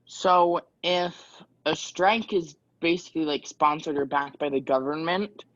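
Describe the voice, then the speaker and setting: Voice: medium pitch, fairly even intonation, measured pace, fairly bright tone, dry recording. A student asking a hesitant question in class. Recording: dull lo-fi classroom recording.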